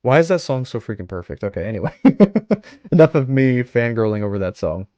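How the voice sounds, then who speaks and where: A man's voice: medium pitch, sing-song, fairly quick, warm tone, no room sound, muffled recording. A man streaming live, chatting with his viewers and reading aloud as he goes. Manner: chatty, reads aloud, talks to chat.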